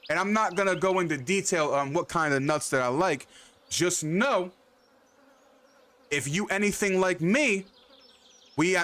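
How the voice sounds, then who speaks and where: A man's voice: a little high, a bit bright. A young man hosting a game livestream, chatting loosely with viewers by name, rambling, repeating himself and swearing freely. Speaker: livestream host. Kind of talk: casual chat with live chat.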